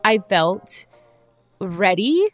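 A woman's voice: mid-range voice, very animated, drawn-out words, music in the background. A woman hosting a podcast, telling a personal story in a candid, casual way, talking straight to her listeners and acting out the people she quotes. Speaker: podcast host.

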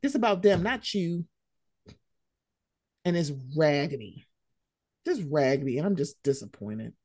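Woman going off on a rant, swoops high and low, cussing a lot, podcast chat. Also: unhurried, no room sound, clean studio sound. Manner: animated, profane and fired up. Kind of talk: heated casual commentary.

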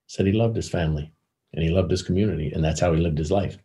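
An older man telling anecdotes as an interview guest, halting and repeating words as he searches for them. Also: low-pitched, warm tone. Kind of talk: casual anecdotal storytelling.

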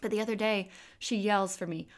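A woman's voice: mid-range voice, fairly even intonation, a little fast. A woman in her thirties hosting a faith podcast, talking candidly and casually into a microphone with plenty of fillers. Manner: warm, candid storytelling with fillers. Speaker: podcast host. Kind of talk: faith-based podcast talk.

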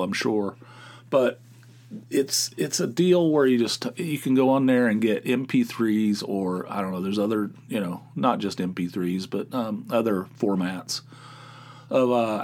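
A man hosts a solo podcast in a loose, rambling way. He reaches for words with plenty of you-knows and ums, and keeps a relaxed, offhand delivery. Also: medium pitch. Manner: rambling, laid-back, many fillers. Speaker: podcast host. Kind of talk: casual solo podcast chat.

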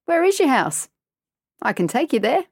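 A woman's voice: high-pitched, sing-song, normal speed, gravelly, darkish tone, breathy edge, no room sound, voice pushed up, exaggerated voice. A woman voicing a much older male stranger who speaks in a falsely cheerful, coaxing way. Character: much older man, creepy, deceivingly friendly stranger.

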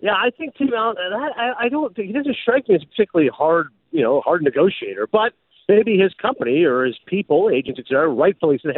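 Speaking fast in a high voice, this former sportscaster turned podcast host trades stories in relaxed conversation, occasionally dropping into announcer mode. The audio is narrow and tinny, with no echo.

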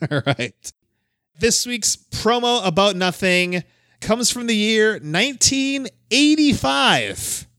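A man's voice: high voice, expressive, slow pace, long pauses, pushed and bright, smooth, no room sound, clean studio sound. A man hosting a podcast, introducing a clip and chatting casually with a co-host, often laughing. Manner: laughing, loose and conversational. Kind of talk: casual chat.

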